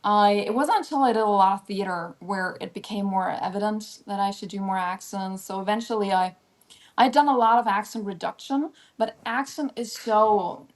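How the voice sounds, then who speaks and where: A woman's voice: medium pitch, normal speed. A woman with a non-American accent, an actor guest giving thoughtful, lengthy interview answers.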